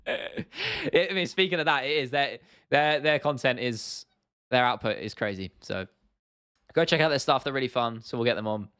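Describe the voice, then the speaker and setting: Young southern English man, livestream host, loose and chatty, bright, smooth delivery. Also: medium pitch, very animated, normal speed. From southern England. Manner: chatty, laughs often, repeats himself, addresses chat as bro and lad. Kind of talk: casual livestream chat reading viewer comments.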